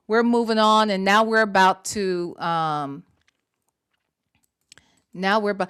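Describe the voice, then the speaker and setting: A woman's voice: medium pitch, steady tone, slow pace, pauses often, fairly bright tone, clean tone. A woman hosting a casual livestream, talking to her audience in a chatty way, full of slang and swearing. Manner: chatty, swears freely, lots of slang and "y'all". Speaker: host.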